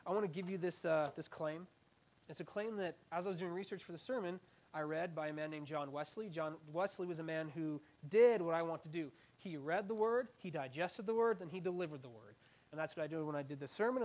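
High-voiced animated young male preacher. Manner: animated, playful, self-mocking asides. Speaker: student preacher. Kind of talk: interactive sermon.

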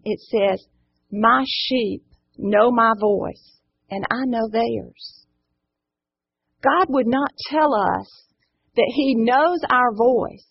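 A higher-pitched woman with a husky, breathy voice and a lilt teaches a Bible study group. She is earnest and encouraging and keeps asking the room questions. The recording sounds dull and lo-fi. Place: indoor room with a live group.

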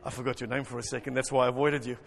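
A man preaching an interactive sermon as pastor, lively and joking with the congregation, acting out voices. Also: mid-range voice, racing, vocal fry. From South Africa. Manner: animated, acts out voices, jokes with congregation. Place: church hall. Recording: long hall reverb.

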